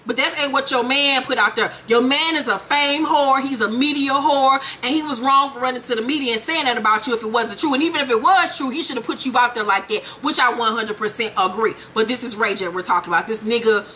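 Female gossip host, high and bright, sassy and profane, mimics the people she recaps. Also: quick pace, hardly any pauses, a little hiss or hum. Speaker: host recapping a reality show.

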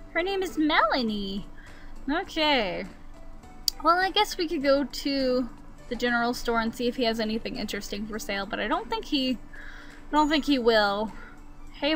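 A woman with a bright, forceful voice gives casual play-by-play of a video game and chats back at the characters. Her voice sits a little high. Soft game music plays behind her. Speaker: gaming channel host. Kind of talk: casual gameplay commentary.

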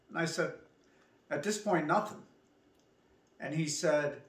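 A woman's voice: low voice, moderate pace, long pauses. Lady vlogging a story, does the back-and-forth herself, kinda far from the mic, roomy echo. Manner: animated anecdote-telling, acting out both sides of the dialogue. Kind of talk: casual travel storytelling. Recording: echoey room, voice from a distance.

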